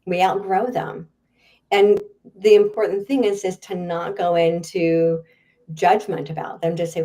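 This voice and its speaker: A woman, a guest author and speaker, answering in a podcast interview with a chatty, animated manner and frequent laughs. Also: fairly low pitch, measured pace.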